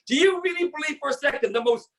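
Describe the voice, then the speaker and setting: A woman in her sixties giving a blunt, energetic motivational sales training talk on a video call. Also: sits high, fast talker, far from the mic.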